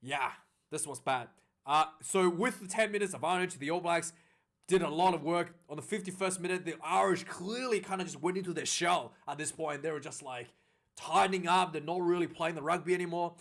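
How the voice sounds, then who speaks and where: A man recapping a rugby match in a casual, rambling way, getting excited at big plays, with many fillers and restarts. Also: fairly high pitch, a little fast. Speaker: rugby reviewer.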